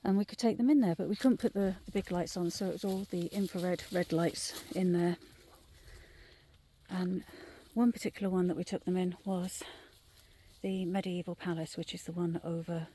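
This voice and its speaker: A middle-aged woman casually telling ghost stories on a night walk through the woods, often dropping into a hushed whisper. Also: fairly low pitch, fairly even intonation, moderate pace, a little hiss or hum. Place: woodland trail outdoors at night.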